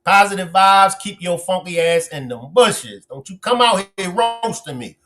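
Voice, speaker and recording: A man hosting a casual livestream, reading and teasing viewers' comments in an animated way, stretching words for emphasis. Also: sits high, moderate pace, soft background music. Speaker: livestream host.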